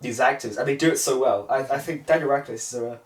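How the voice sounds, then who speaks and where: A man's voice: medium pitch, fast talker. A man co-hosting a casual film podcast, rambling and swearing often as he retells scenes. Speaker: podcast co-host. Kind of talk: casual chat about films. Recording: roomy, distant mic.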